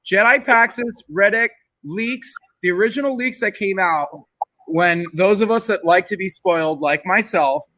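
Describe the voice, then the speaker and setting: A man's voice: high-pitched, unhurried, sharp tone. A man co-hosting a casual live chat, blunt and teasing, swearing freely. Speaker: co-host.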